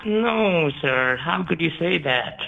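A curt, scolding man talking over a tinny phone line, his voice slightly raised in pitch. Faint music sits underneath. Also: lively intonation, slow pace, creaky. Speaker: phone scammer. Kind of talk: phone call.

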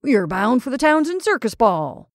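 A woman voicing a stern but hearty middle-aged gentleman who booms his lines loudly, in a dry recording. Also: big pitch swings, normal speed, no echo. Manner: booming and exclamatory.

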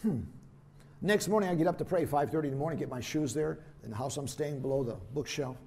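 An older man, a missionary preacher, telling lively stories in a sermon and acting out the voices of the people in them. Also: a little high, fast talker, breathy edge. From United States. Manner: animated anecdotes, voices quotes, laughs at himself. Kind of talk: storytelling sermon. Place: church hall.

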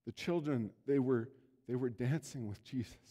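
A man preaching a sermon as pastor, telling a story earnestly, his voice swelling and then dropping low. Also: normal speed, dark tone. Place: church sanctuary. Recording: long reverb of a church hall.

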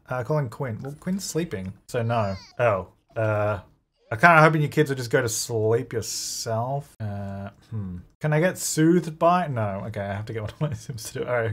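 A man's voice: mid-range voice, a bit bright. A man giving casual running commentary on a life-simulation game, thinking aloud, laughing often and talking to the game's characters. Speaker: gaming video creator. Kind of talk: casual let's-play commentary.

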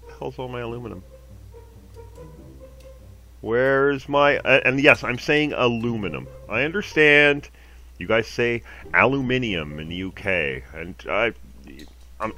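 A Canadian man hosting a let's play, giving rambling, excitable commentary as he plays. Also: medium pitch, normal speed, pauses often. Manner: rambling, excitable, talks to himself. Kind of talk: casual gameplay commentary.

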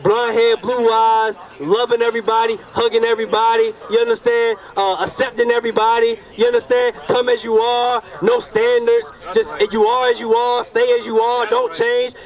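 A man preaching an emphatic outdoor street sermon, repeatedly checking that his listeners understand. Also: extremely high pitch. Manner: emphatic, repeats "you understand" and "all right". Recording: distant outdoor street recording.

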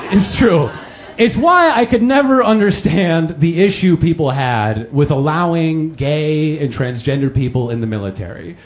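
A man from the United States, doing a profane, mocking stand-up comedy set in a comedy club. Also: a little high. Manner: profane, animated, mocking delivery. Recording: crowd laughter, noisy club. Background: audience laughter.

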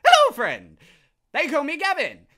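A man voicing a very high-pitched, overeager male game shop owner in a game playthrough. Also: wildly swooping pitch, measured pace, sharp tone, full character voice. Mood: gushing.

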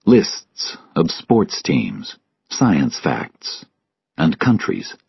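Deep, slow male audiobook reader, husky, lively pitch; muffled dry recording. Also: no room sound. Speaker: audiobook narrator. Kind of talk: scripted story narration for English learners.

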